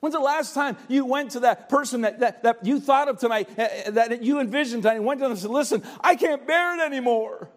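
A man's voice: very high-pitched, fast, few pauses. An older man preaching a sermon in a pleading, earnest way, often stammering and repeating phrases. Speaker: pastor.

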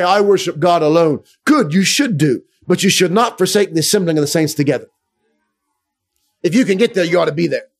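A middle-aged man preaching a sermon with fervour, dropping to a hush and then rising loud. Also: a little high. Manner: fervent, swings from hushed to loud.

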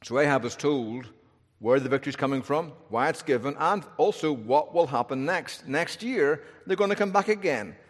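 A man's voice: a little high, normal speed. A man preaching an expository sermon, telling the story with wry humor and shifting emphasis. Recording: long hall reverb.

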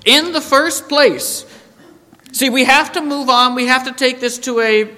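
A man preaching a sermon, animated and emphatic, quoting scripture and acting out the story. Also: very high voice, measured pace, big-room sound. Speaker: pastor.

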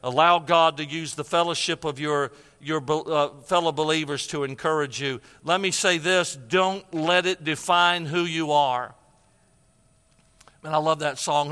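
A man's voice: on the high side, fairly even intonation, measured pace, pushed and bright, clean tone, in a large hall. An older man preaching a sermon, telling a personal story with emotion and repeated phrases.

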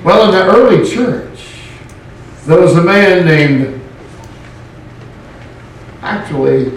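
Guy preaching a sermon, animated w/ joking asides, voice swoops around a lot, kinda far off the mic. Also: high-pitched, slight background noise. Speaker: pastor. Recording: very echoey room, mic far off.

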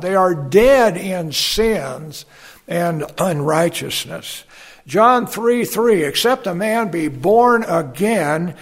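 A pastor with a high, creaky voice preaches a sermon at an unhurried pace. He reads scripture aloud, using fillers and folksy asides.

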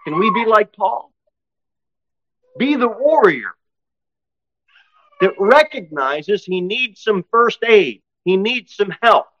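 A man's voice: expressive, dry recording. Fiery preacher man, dull dry recording. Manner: swings from loud exhortation to low, intense asides; reads scripture aloud, slowing for emphasis. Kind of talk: sermon.

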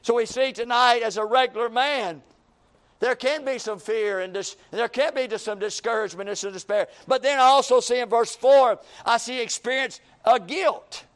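High-voiced man preaching. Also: normal speed, a bit bright, clear, resonant tone. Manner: impassioned preaching, acts out the despairing voice of ordinary people. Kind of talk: sermon. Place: church.

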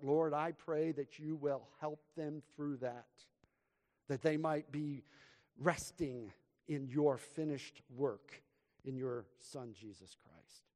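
A pastor preaching a sermon and praying from the pulpit of a church, with dramatic swings between loud emphasis and hushed, quiet lows. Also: male voice. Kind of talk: sermon and prayer. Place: church sanctuary. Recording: long hall reverb from church.

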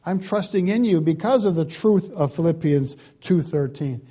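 A man delivers a sermon in a fairly high, warm and mellow voice. He stresses key words hard, stacks them in lists, then eases into quieter, pleading passages. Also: animated, normal speed, slightly rough. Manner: emphatic, swings from loud stresses to quiet pleading. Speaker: pastor.

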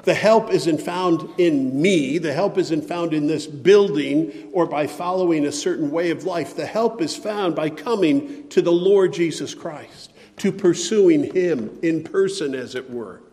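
Male preacher, fairly high voice, pleading sermon, long church reverb. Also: unhurried, few pauses. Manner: impassioned, pleading, swings loud and soft.

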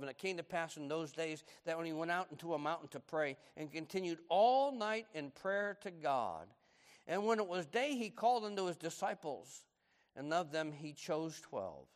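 A middle-aged man preaching a sermon, swinging from loud, animated emphasis to hushed, low tones. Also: normal speed, long reverb tail. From United States. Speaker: pastor.

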